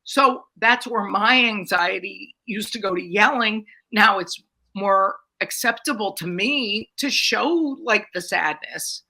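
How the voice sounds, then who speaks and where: A woman's voice: medium pitch, takes it slowly. A middle-aged woman, a comedian, telling brash, profane stories in a casual podcast chat. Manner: brash, profane, animated storyteller.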